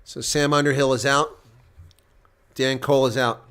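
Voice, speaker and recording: A man giving live reaction play-by-play commentary on a rugby match, getting loud on big plays and dropping to quiet asides. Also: medium pitch, level tone, normal speed, clean tone.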